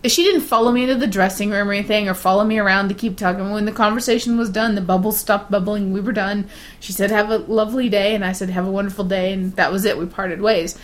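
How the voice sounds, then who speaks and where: A woman's voice: mid-range voice, steady tone, fast. A woman in casual conversation, telling stories in a chatty way and laughing often. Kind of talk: casual chat.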